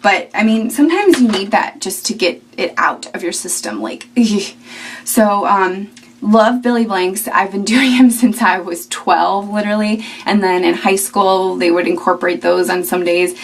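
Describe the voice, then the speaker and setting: A woman's voice: medium pitch, a little slow, distant mic, a little hiss or hum. A young woman in her twenties talking casually to camera at home, chatty and rambling with fillers. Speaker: vlogger. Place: at home indoors.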